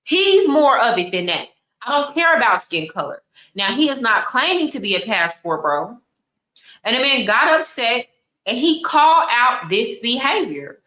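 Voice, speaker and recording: A woman's voice: on the high side, big pitch swings, moderate pace, bright, forceful tone, reverberant, poor audio. A woman, hosting casual commentary in a blunt, exasperated way and repeating her points for emphasis. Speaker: commentary host.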